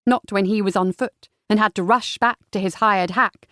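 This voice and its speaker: A woman narrating a romance audiobook in a measured storytelling manner. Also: mid-range voice, fairly even intonation, a bit bright, no room sound, studio quality. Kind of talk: scripted narration.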